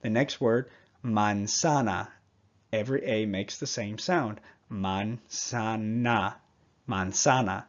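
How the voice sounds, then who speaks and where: A man teaching a Spanish pronunciation lesson, patiently repeating each example word slowly and clearly. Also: on the low side, muffled recording.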